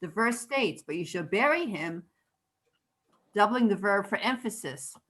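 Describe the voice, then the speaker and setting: A woman, a student in a class, reading a religious text aloud with steady care. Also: mid-range voice, unhurried, low-quality recording.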